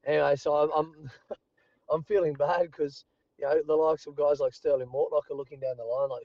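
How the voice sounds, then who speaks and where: A man's voice: on the high side, moderate pace, highs cut off. Australian man telling stories from a car. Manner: animated anecdotes with laughs and restarts. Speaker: guest, professional rugby player. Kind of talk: casual storytelling chat. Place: parked car.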